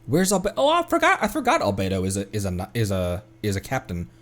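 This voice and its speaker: A man's voice: fairly low pitch, very animated, fairly quick. A man streaming a video game, chatting casually and laughing at his own slips. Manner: chatty, self-amused, laughs at himself. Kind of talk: casual gameplay commentary.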